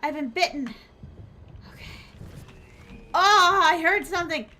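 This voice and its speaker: A young woman streaming a horror game, giving excitable live commentary and talking to herself and her chat as she plays. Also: very high voice, measured pace. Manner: excitable, talks to herself and chat while playing.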